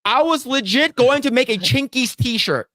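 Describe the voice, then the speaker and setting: A man's voice: extremely high pitch, lively intonation, moderate pace, pushed and bright, no echo. A man co-hosting a podcast, chatting casually while he draws, rambling and repeating himself and swearing freely when annoyed. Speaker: podcast co-host. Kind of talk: casual chat while drawing on stream.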